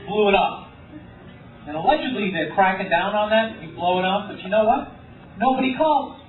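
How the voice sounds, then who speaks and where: A male stand-up comedian tells wry, profane stories in a fairly high voice. He sounds distant and phone-thin. A roomy echo and a crowd surround him. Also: brisk. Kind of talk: stand-up routine. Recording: distant, tinny, echoey live room with crowd.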